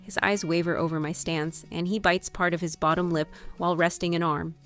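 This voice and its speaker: A woman narrating her own novel as an audiobook, reading in the first person with expressive delivery. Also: fairly low pitch, brisk, soft background music. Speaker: author and narrator.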